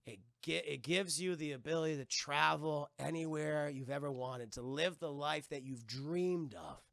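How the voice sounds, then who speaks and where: A headstrong young noblewoman, played by a man, lecturing with lofty insistence. The high voice carries a gravelly rasp in a dry, close recording. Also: normal speed, fairly bright tone, dry recording.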